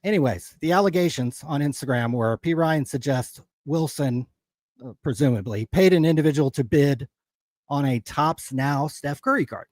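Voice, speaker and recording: A man's voice: fairly high pitch, moderate pace, darkish tone, no echo. A man hosting a livestream, ranting angrily with constant swearing in loose, heated casual commentary. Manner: profane, angry ranting. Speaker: livestream host.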